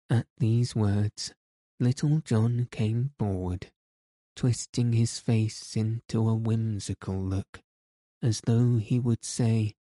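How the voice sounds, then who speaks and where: Slow, very dark-voiced male storyteller. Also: fairly low pitch, fairly even intonation, no echo. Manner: measured, deliberate storytelling. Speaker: narrator. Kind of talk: scripted audiobook narration.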